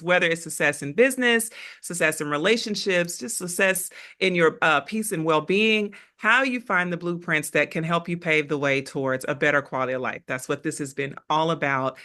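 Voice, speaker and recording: Bright-voiced, effusive woman podcast host. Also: low-pitched. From East Coast of the US. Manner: upbeat, effusive, laughs often. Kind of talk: casual podcast chat.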